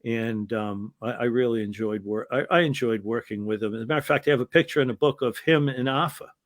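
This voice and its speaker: An older man talks at an ordinary middle pitch into a dry, close microphone with no room sound. He tells long, meandering stories from his years in the ring and keeps doubling back on his own sentences. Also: fast talker, dry recording. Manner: rambling anecdotal storyteller with restarts, lively when telling the punchline. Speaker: interview guest, former wrestling referee. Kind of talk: casual storytelling interview.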